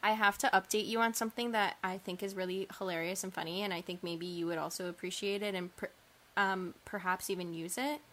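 A woman's voice: medium pitch, a little fast. A young woman co-hosting a casual chat, telling stories in an exaggerated, giggly way. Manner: animated, exaggerated storytelling, giggly. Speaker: podcast co-host.

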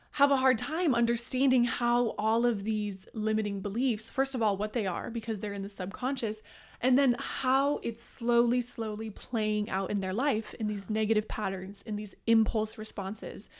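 A woman interviewer talking in a measured, reflective way. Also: a little high. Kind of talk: conversational chat.

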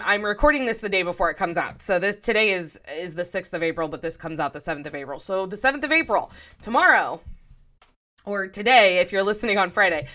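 A woman's voice: medium pitch, pushed and bright. Chatty woman hosting a solo podcast. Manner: chatty, restarts sentences, laughs often. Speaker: podcast host. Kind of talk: casual solo podcast talk.

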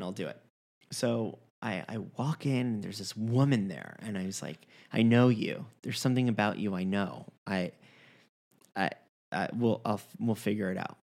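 A man's voice: fairly low pitch, gravelly. A man telling a personal story in casual conversation, acting out the dialogue with many restarts. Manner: animated storyteller, acts out quoted dialogue, frequent restarts.

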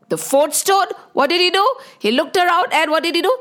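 A woman telling a story to children, animated and often stopping to ask them questions. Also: very high voice, brisk, hardly any pauses.

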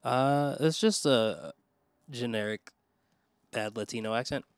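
A woman co-hosting a podcast, her voice remarkably deep and low, delivering dry, deadpan jokes in easy chat. The recording is dry and close. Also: unhurried, no echo. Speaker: podcast co-host. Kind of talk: casual chat.

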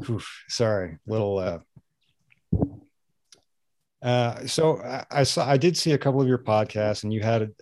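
A man who is a guest on a podcast, speaking hesitantly with many pauses, fillers and sighs. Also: lowish voice, a little mellow, no echo, clean studio sound. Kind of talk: casual conversational interview.

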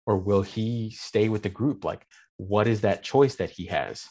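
A man's voice: on the low side, measured pace, warm tone, breathy edge. A man talking in a casual podcast chat, rambling with many fillers and telling stories with animation. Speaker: game master and guest.

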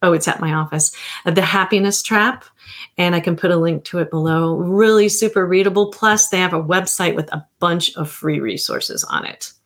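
A woman's voice: fairly low pitch, moderate pace. Rambling woman therapist in her fifties. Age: 50s. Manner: rambling, self-correcting, chuckling. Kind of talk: casual livestream chat.

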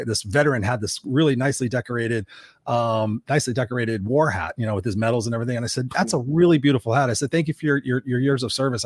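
An energetic man co-hosting a casual chat show, talking quickly and brightly about everyday moments. His voice is close and dry, with no room sound. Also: mid-range voice, dry recording. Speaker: co-host and life coach.

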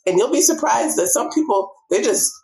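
A woman guest on a podcast, an author and speaker, talking earnestly and acting out what she tells herself in lively asides. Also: on the high side, brisk, vocal fry. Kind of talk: casual interview chat.

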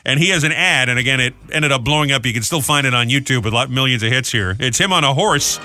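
A man hosting a casual comedy chat, telling odd news stories in an animated, jokey way. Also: medium pitch, fast, faint music behind. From United States. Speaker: radio show host.

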